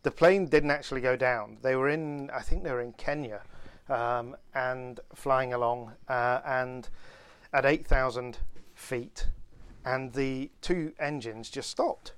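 A man casually telling an animated anecdote on a podcast, with many restarts. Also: mid-range voice, takes it slowly, clean tone. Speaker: podcast co-host. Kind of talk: casual storytelling chat.

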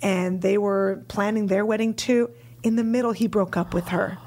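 A woman comedian telling stories as a podcast guest, animated and acting out the voices of the people in them. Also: mid-range voice, normal speed. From United States. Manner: animated, acts out voices in quotes. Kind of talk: casual podcast storytelling.

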